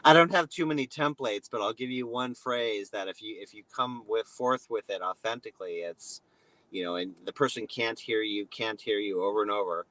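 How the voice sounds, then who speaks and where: A man working as a relationship coach, talking as an interview guest in a slow, gentle way and acting out example phrases. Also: lowish voice, no echo, rough recording.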